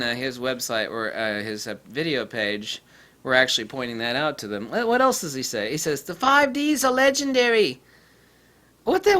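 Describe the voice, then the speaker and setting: A man's voice: high voice, bright, forceful tone. A man hosting his own channel, ranting sarcastically and indignantly about a camera, often breaking into laughter. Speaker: camera reviewer, channel host. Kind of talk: ranting vlog commentary.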